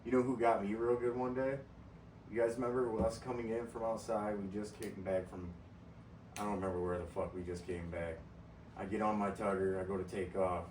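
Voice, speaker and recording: A man's voice: on the low side, little pitch movement, brisk, darkish tone, echoey room, distant mic, slight background noise, poor audio. Crude, laughing man in casual chat. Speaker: podcast co-host.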